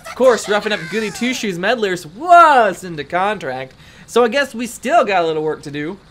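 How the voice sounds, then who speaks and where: A woman's voice: lowish voice, steady tone, quick pace, fairly bright tone, a little hiss or hum, pitched below the performer's own voice, lightly acted. A woman reading the lines of a gang of rabbit henchmen in a video game, with tough mobster-style talk. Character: gruff rabbit henchmen, wedding-planner gang.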